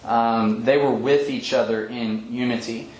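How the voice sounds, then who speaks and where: A man giving a verse-by-verse bible teaching, explaining thoughtfully with frequent pauses and ums. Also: medium pitch, steady tone, a little mellow. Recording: echoey room with faint background hum.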